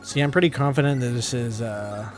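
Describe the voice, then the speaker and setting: A man's voice: medium pitch, fairly quick. A man casually commenting on his own gameplay, thinking aloud in a chatty, self-deprecating way. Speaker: video game let's-player. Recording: faint background game music.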